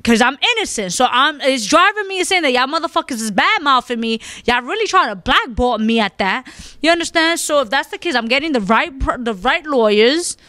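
Emphatic, profane woman host, higher voice. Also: expressive, fairly quick, bright, forceful tone, no echo. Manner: emphatic, profane, repeats "you understand?". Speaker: podcast host. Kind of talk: casual opinionated chat.

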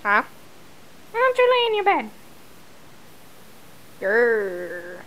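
A woman's voice: high-pitched, very animated, slow pace, long pauses, a bit bright, low-quality recording. A woman filming her dog at home, talking to it in exaggerated sing-song baby talk.

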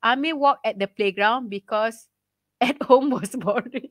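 A woman's voice: mid-range voice, normal speed, no echo, clean studio sound. A woman with a Malaysian accent teaching an online English lesson to primary pupils, mixing English and Malay and encouraging them.

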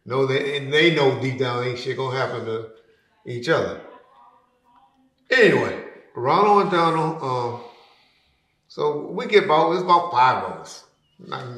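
A man telling a story as an interview guest, casual and slangy, acting out other people's lines loudly and trailing off into low mutters. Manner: animated, acts out quotes loudly; slangy, drops to a mutter at ends of phrases. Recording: roomy echo.

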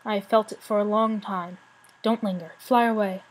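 A woman's voice: mid-range voice, fairly even intonation, close to an everyday voice, low-quality recording. A woman voicing Slatebeard, an old weary dragon. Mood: solemn. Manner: slow, solemn, grave.

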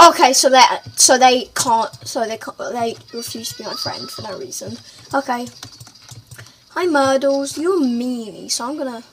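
A high-pitched woman doing let's play commentary, loud and excitable, breaking into shrieks as she talks to the creatures in her game. Keyboard typing and a faint hiss sit underneath her voice. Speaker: gaming channel host.

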